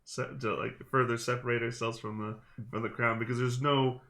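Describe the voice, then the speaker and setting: A man's voice: medium pitch, little pitch movement, moderate pace, vocal fry, fairly bright tone. A man playing a tabletop game, chatting in a rambling way with many restarts and casual swearing. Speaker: player. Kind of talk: casual chat.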